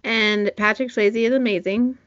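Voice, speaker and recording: A woman's voice: on the high side, steady tone, normal speed, fairly bright tone, no echo. Woman, podcast co-host, chatty and giggly, dry close sound, a bit muffled. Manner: chatty, laughs, many fillers. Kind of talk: casual chat.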